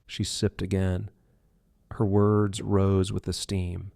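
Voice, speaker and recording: A man reading an audiobook thriller in measured, dark scripted narration. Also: low-pitched, flat delivery, vocal fry, no echo, studio quality.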